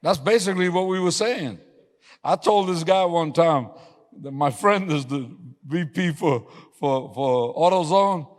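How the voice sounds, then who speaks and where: A man preaching a sermon as pastor, telling lively stories, laughing and suddenly yelling for emphasis. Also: on the high side, a little slow. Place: church sanctuary. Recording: long hall reverb.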